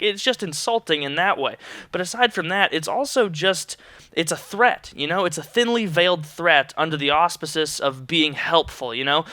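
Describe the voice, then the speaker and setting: A man's voice: on the high side, moderate pace, no echo. A young man talking earnestly to camera in a casual, rambling vlog monologue. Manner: earnest, rambling, animated when quoting others. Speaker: vlogger.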